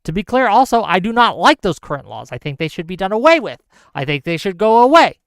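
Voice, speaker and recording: A man's voice: sits high, very animated, fairly quick, fairly bright tone, no echo, studio quality. A man hosting a solo livestream, ranting heatedly about news and reading viewer chat aloud. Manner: reads chat comments aloud. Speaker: host.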